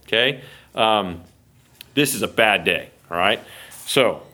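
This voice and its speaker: A man's voice: fairly low pitch, slow pace. A man with an American accent teaching the Bible verse by verse, acting out the quotes and checking in with listeners. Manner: animated, acts out quotes, asks listeners okay.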